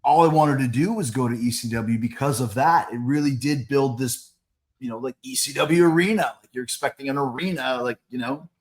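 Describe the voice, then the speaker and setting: A man's voice: mid-range voice, a little fast. A middle-aged man hosting a podcast interview in a loose, chatty way, full of fillers. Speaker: podcast host. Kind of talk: casual interview chat.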